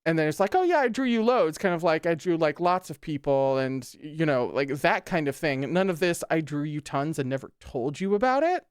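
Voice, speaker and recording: A man's voice: on the high side, animated, moderate pace, few pauses, smooth, no room sound, clean studio sound. A man hosting a show who reads a text aloud and breaks off into sarcastic, exclamatory commentary, swearing casually. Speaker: host. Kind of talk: reading aloud and reacting with commentary.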